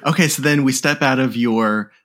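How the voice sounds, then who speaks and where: Man hosting an interview, measured and appreciative. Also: medium pitch, fairly bright tone. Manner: measured and appreciative, with some ums. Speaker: podcast host. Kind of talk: interview conversation.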